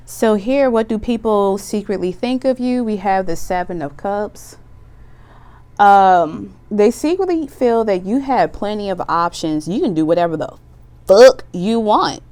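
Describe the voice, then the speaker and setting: A woman's voice: on the low side, darkish tone, clean tone. A woman giving a casual tarot reading, chatty and slangy, with laughs and loose asides. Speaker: tarot reader.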